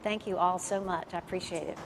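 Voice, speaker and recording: A woman's voice: fairly low pitch, steady tone, fairly quick, gravelly, heavy background noise. A woman giving a candid, plain-spoken personal recovery testimony to a live audience at a jail. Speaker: recovery speaker.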